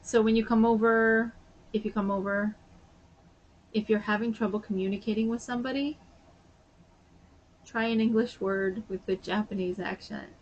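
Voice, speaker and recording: A woman's voice: mid-range voice, fairly even intonation, moderate pace, long pauses, lo-fi sound, a little hiss or hum. Sleepy lady vlogger, chatty and rambly, lots of "like". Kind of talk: casual chat.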